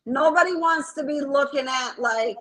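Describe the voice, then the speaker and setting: A woman's voice: high-pitched, normal speed, a bit bright. A woman chatting casually on a livestream, teasing and blunt. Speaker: livestream guest. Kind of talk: casual chat.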